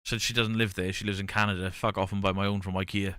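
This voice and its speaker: Bloke streaming, banter and mock pub shouting, bright, dead dry sound. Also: male voice, deep voice, level tone, quick pace, smooth, dry recording. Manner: banter, reads chat aloud, shouts mock pub-landlord bits. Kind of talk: casual live-stream chat.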